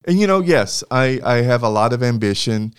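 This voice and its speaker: A middle-aged man from California recalls his past in a reflective interview, often restarting his sentences. His voice is smooth and resonant, and his pitch sits in an ordinary middle range. The recording is dry and close. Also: lively intonation, no echo. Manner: halting, with frequent restarts and fillers. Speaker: university leader being interviewed. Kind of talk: reflective storytelling.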